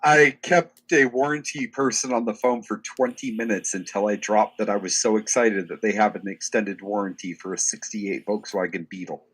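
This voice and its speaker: A man's voice: on the low side, moderate pace, few pauses, a bit bright, husky, low-quality recording. Laid-back joking podcast guy. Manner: laid-back, laughs along, swears. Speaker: podcast co-host. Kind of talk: casual profane chat.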